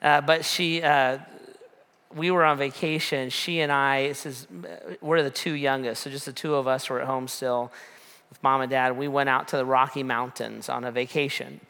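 Man preaching, chatty and rambling, bright tone, echoing hall. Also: medium pitch, level tone, moderate pace, smooth. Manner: rambling, casual, many fillers and restarts. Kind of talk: storytelling sermon. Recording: long reverb in a hall.

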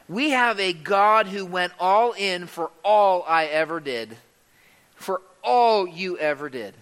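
A man delivers an emphatic sermon, his voice high and bright, cutting through a hall with a long, lingering reverb. He swings between loud emphasis and hushed delivery. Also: animated, slow, clear, resonant tone. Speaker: pastor.

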